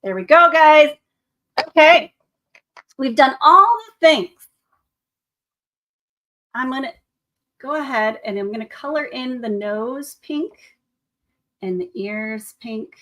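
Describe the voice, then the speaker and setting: A woman's voice: sits high, takes it slowly, pauses often, a bit bright. A woman art teacher leading a painting tutorial for children, upbeat and encouraging, speaking to the viewer as to her students. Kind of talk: classroom drawing tutorial.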